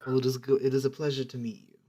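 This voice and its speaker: A man voicing a blind, worldly old wanderer who speaks softly and courteously, over a noisy voice call. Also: medium pitch, completely flat delivery, rapid-fire, lightly acted.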